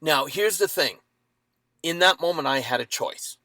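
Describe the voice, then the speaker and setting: A man in his fifties telling a dramatic personal story as a podcast guest, with lively acted-out quotes. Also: a little high, moderate pace.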